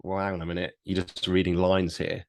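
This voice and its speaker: A man's voice: low voice, completely flat delivery, a little fast, gravelly, a little hiss or hum. A man, co-hosting a casual review chat, chatty and agreeable. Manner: chatty, agreeable, laughs often. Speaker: show co-host.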